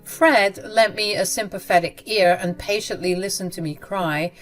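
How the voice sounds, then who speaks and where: A woman reading a first-person story aloud in a steady, measured way. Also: medium pitch. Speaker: story narrator. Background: faint background music.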